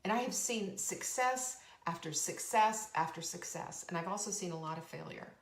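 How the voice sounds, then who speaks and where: A woman's voice: on the low side, lively intonation, moderate pace, echoey room. A woman hosting a motivational talk as a coach, speaking emphatically and earnestly with lots of repetition. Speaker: podcast host and coach.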